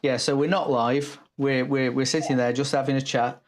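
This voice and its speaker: A man's voice: mid-range voice, little pitch movement. Middle-aged man co-host, stop-start delivery with dry wit, talks like he's chatting with mates. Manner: halting, repeats words, dry humor. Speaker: co-host, business trainer. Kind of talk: casual live-stream chat. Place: office.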